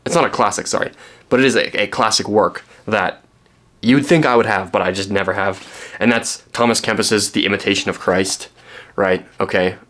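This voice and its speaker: A young man from Canada with a lowish, slightly bright voice speaks at a normal speed while showing the books he found. This book vlogger's talk is rambly and self-deprecating, full of ums and restarts.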